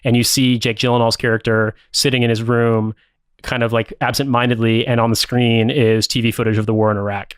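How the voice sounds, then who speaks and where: A man's voice: mid-range voice, little pitch movement, brisk, clean tone, no echo, clean studio sound. A man co-hosting a podcast, casually recapping a film plot in a rambling, profane way, with lots of "like" and "uh". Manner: rambling, profane, many fillers. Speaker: podcast co-host.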